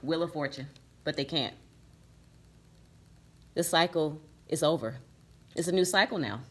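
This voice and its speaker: A woman's voice: deep voice, unhurried, fairly bright tone, slight background noise. A woman reading tarot cards for her viewers, emphatic and repeating "okay?" and "right?" as she goes. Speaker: tarot reader.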